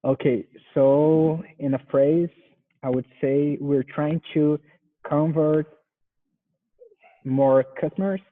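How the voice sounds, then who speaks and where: A Brazilian man whose first language is Portuguese practices English words, repeating each one carefully. He speaks very slowly and checks whether he got it right. His voice comes through a thin, phone-like video call. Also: a little high, fairly even intonation. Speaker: software engineer learning English. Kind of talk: pronunciation practice.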